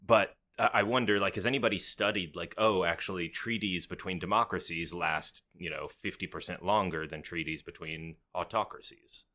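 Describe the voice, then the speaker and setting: A man's voice: low voice, normal speed, few pauses, bright, forceful tone. A man hosting a podcast, summarizing points and asking his guest follow-up questions in a casual conversational way. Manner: inquisitive, summarizing. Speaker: podcast host.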